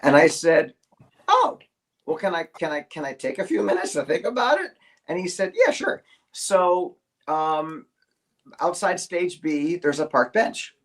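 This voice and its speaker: A man, a voice actor, telling a lively anecdote on a video call, with many stammering restarts and acted-out quotes. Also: fairly high pitch, measured pace. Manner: animated storyteller, stammering restarts, acts out quotes. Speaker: voice actor guest.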